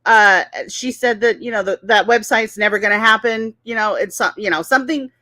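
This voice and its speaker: A woman's voice: on the high side, a little fast, sharp tone, dry recording. A woman co-hosting a casual commentary chat, blunt and mocking, laughing often. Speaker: co-host.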